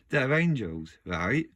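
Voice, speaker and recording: A man musing casually to his video audience, rambling and restarting his sentences. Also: mid-range voice. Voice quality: rambling, self-interrupting, frequent restarts. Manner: animated, laughs often. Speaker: video host.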